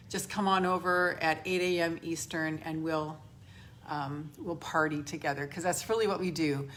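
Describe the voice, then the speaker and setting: A woman's voice: mid-range voice, fairly bright tone. A woman hosting a spiritual live stream from home, effusively greeting viewers by name and leading a guided grounding exercise. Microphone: camera she holds or adjusts.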